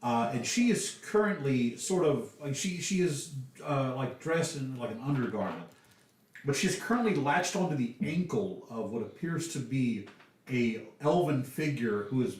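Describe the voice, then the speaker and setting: A man's voice: medium pitch, expressive, moderate pace. Southern man narrating as game master. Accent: Southern American. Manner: casual, chatty, filler-heavy narration. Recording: echoey room, distant mic.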